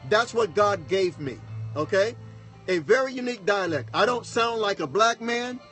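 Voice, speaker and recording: This Texan man, a pastor who also hosts a broadcast, narrates a personal story with a high, animated voice that's a bit bright, moving at a moderate pace. His style is easygoing and folksy, punctuated by repeated "okay?" checks to the audience, over soft background music.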